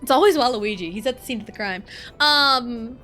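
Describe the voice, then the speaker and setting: A woman's voice: on the high side, animated, moderate pace, bright, forceful tone, soft background music. A woman streamer chatting casually while playing a video game, rambling between topics and breaking into swearing rants. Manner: rambling, swears a lot and rants in bursts of frustration. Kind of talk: casual live-stream chat while gaming.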